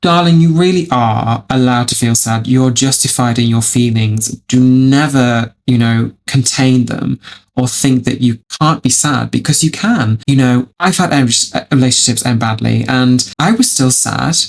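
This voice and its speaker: A man's voice: mid-range voice, measured pace, creaky. A man hosting a reaction video, responding to online stories in a dramatic way, calling the listener darling and swearing freely.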